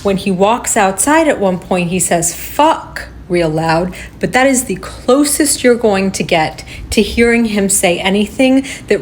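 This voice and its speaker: A woman giving unscripted reaction commentary, agitated and swearing, shaken and halting as she talks. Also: mid-range voice, a little hiss or hum. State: shaking with upset. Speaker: reaction video creator.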